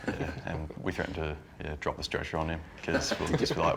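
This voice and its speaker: A man's voice: rumbling low, monotone, fairly quick, gravelly, heavy background noise. A man, a fellow soldier, recalling events in a laid-back, hesitant way. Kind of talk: TV interview recollection. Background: music underscore.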